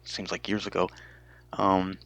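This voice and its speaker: Male guest, very low, gravelly fry, hesitant, dry close sound. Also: completely flat delivery, a bit bright, no echo, rough recording. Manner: halting, hesitant, many restarts. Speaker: podcast guest. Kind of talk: casual podcast chat.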